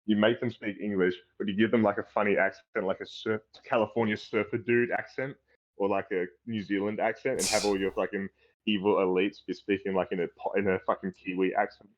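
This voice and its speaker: A man's voice: lowish voice, level tone, brisk, dull audio, a little hiss or hum. A man chatting casually on a podcast, rambling and swearing as he goes. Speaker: podcast co-host. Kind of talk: casual chat.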